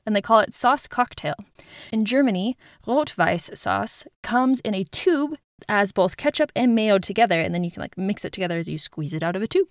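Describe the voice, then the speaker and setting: A woman's voice: fairly high pitch, no room sound, studio quality. A woman from Utah, hosting a podcast in a casual informative tone, chatty and self-deprecating, with little asides. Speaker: podcast host.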